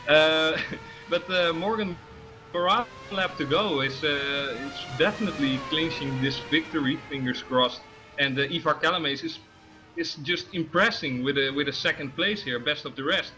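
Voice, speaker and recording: A man's voice: a little high, moderate pace, bright, forceful tone, faint music behind, poor audio. A man co-commentating a live race, hesitant with lots of fillers and restarts, laughing easily. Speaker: sim racing co-commentator.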